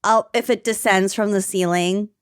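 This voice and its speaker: A woman co-hosting a podcast in casual chat, with wry, deadpan asides. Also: mid-range voice, normal speed, smooth, no room sound, clean studio sound. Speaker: podcast co-host.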